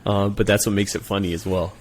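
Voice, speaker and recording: A man, a Marine gunnery sergeant and former recruiter, telling stories on a podcast in a profane, animated way that keeps checking in with "right?". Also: lowish voice, fast, slight background noise. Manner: profane, animated storyteller, peppers talk with "right?". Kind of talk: casual podcast storytelling.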